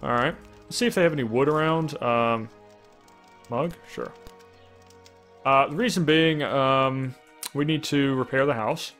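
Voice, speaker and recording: Male let's-play host, wry thinking-aloud commentary, average pitch, light game music behind. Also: a little slow, pauses often, a bit bright. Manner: musing, thinks aloud with restarts and wry asides. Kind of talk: casual gameplay commentary.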